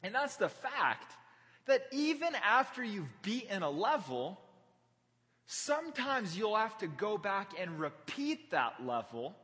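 A man's voice: a little high, sharp tone, in a large hall. A man preaching a sermon as a pastor, playful and conversational, with casual fillers.

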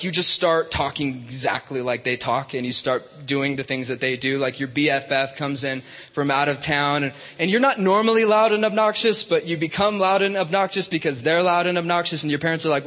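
A man's voice: on the high side, brisk, bright, forceful tone, big-room sound. A man preaching to young people in a casual, conversational way, with many fillers and restarts. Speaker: youth pastor. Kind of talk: youth sermon.

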